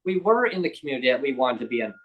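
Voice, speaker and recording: A man with a Canadian accent, a guest on a talk show, telling a personal story in a casual, animated way and acting out the voices of others. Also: medium pitch, very fast, dull audio.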